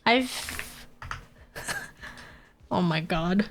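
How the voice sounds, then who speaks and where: A woman's voice: mid-range voice, expressive, measured pace, pauses often, slight background noise. Giggly Australian woman streamer. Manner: giggly, chatty, mocks accents. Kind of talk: casual live-stream chat.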